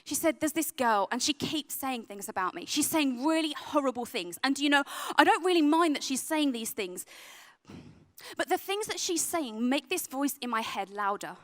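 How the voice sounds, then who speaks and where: A young adult woman who works with youth, giving an earnest sermon that drops to a soft, hushed tone on heavy points. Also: sits high, lively intonation, moderate pace. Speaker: youth worker and speaker. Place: event venue.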